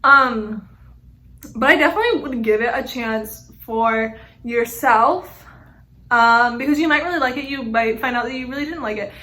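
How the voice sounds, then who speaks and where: Chatty high-voiced young woman vlogger. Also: normal speed, pushed and bright. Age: young adult. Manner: rambling, frequent fillers, frank. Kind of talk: casual chat to camera. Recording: echoey room.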